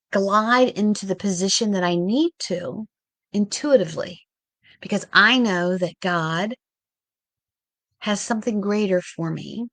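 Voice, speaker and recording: A woman hosting a reflective spiritual talk. She speaks at a slow, unhurried pace and breaks her thoughts into short, measured phrases. Her voice sits at a middle pitch and is recorded close and dry. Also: fairly bright tone, no room sound.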